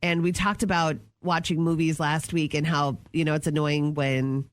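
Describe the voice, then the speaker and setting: A woman's voice: deep voice, flat delivery, moderate pace, no room sound. A woman co-hosting a radio show, chatting casually and gossiping with energy. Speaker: radio co-host. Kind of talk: casual morning radio banter.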